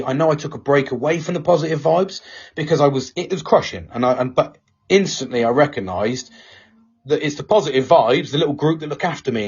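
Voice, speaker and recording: A man talks candidly, often swearing and restarting his sentences. His voice is husky and sits at a middle pitch. The recording is dull and lo-fi. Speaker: podcast host. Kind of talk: casual chat. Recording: dull lo-fi sound.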